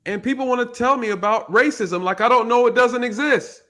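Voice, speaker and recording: A man's voice: very high voice, brisk, few pauses, pushed and bright. A man who is a retired police officer, hosting a casual commentary show, emphatic and repeating his key points.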